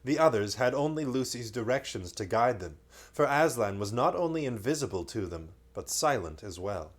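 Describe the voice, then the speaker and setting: A man's voice: mid-range voice, lively intonation, moderate pace. Male storyteller for a bedtime reading; reads steadily, drops in light jokes. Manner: reads aloud, breaking off for playful joking asides.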